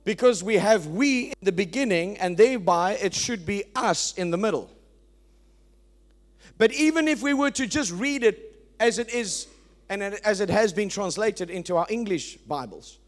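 High-voiced preacher, emphatic. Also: male voice, expressive, moderate pace. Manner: emphatic preaching, swings from loud to quiet. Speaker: pastor. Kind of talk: sermon.

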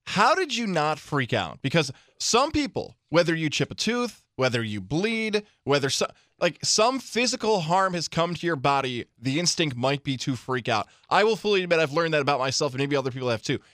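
A man co-hosting a sports talk show in casual chat, teasing his partner and asking quick follow-up questions. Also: a little high, sing-song, a bit bright, no room sound, studio quality. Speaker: sports radio co-host.

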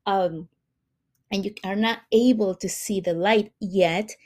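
A woman hosting a spiritual healing talk, speaking gently and addressing her listeners warmly. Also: mid-range voice, fairly even intonation. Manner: slow, soothing, warm-hearted, addresses listeners as beautiful souls.

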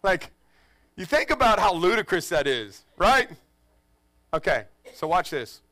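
Bright-voiced joking pastor man. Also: high voice, unhurried, dry recording. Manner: animated, joking, acts out family voices. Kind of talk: storytelling sermon. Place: church in front of a congregation.

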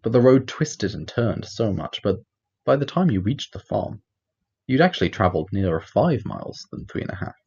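A man doing an old wizard storyteller, Welsh accent, deep, husky, lingering sing-song telling. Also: sing-song, moderate pace, a little mellow, highs cut off, full character voice. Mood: storytelling. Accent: put-on Welsh. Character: old male wizard narrator, wise and storytelling. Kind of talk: storybook narration in character.

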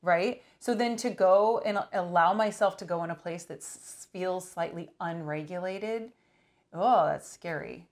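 Woman, couples counselor type, reflective casual chat, lowish voice. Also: a little slow. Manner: reflective, thinking aloud.

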